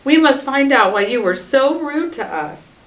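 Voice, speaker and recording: A woman's voice: high-pitched, animated, measured pace, fairly bright tone, reverberant, far from the mic, voice pushed up. A woman reading a storybook aloud, voicing an eager male dog who blurts things out.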